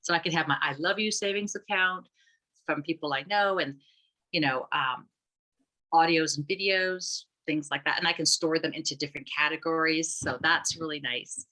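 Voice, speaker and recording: A woman's voice: low voice, normal speed, sharp tone, poor audio. A woman explaining an app she founded, talking loosely with fillers and restarts. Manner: rambling, many restarts and fillers. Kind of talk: conversational explanation.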